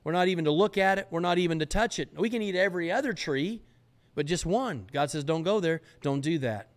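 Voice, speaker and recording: Eve: eager, naive young woman, lifted higher voice , done by a male preacher. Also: lively intonation, a little fast, close to an everyday voice. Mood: earnest.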